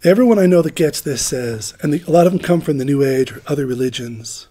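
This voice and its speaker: A man's voice: on the high side, lively intonation, fast, dark tone. A middle-aged man giving an informal, rambling sermon, joking about himself and laughing often. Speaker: preacher.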